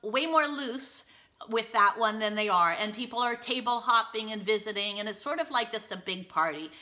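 A middle-aged woman hosting her own show, telling a story in a casual, animated way. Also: a little high, moderate pace. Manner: lively, animated retelling with laughs. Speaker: host.

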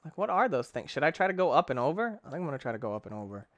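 Excitable young man, lively swings. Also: on the high side, very fast, dry recording, muffled recording. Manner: excitable, exclaims and talks to himself; mild cursing substitutes like frick and stinking. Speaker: gaming YouTuber. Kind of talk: let's play commentary.

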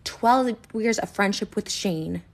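A woman's voice: medium pitch, takes it slowly. A woman in an emotional rant straight to camera, upset and hurt, rambling with lots of "like" and restarts. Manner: rambling, filler-heavy, restarts and repeats. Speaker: internet personality.

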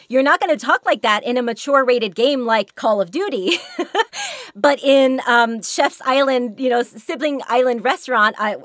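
A hoarse woman giving a chatty workshop talk on voice acting, laughing often as she goes. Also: high-pitched, a bit bright, no echo, clean studio sound. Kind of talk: workshop presentation.

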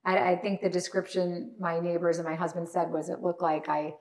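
A woman's voice: on the low side, level tone, a little fast, a little mellow. Woman, podcast guest, emotional, earnest storyteller, conversational. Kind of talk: personal account in conversation.

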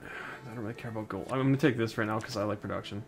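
A man's voice: fairly low pitch, fairly even intonation, rapid-fire, music in the background. A young man casually commentating a strategy game, brash and joking, swearing freely. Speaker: gameplay commentator. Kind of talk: casual let's-play chat.

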